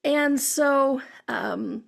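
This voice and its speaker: High, gravelly, husky woman host. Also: drawn-out words. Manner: chatty storytelling, acts out her own inner dialogue. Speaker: show host. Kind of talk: spiritual talk show monologue.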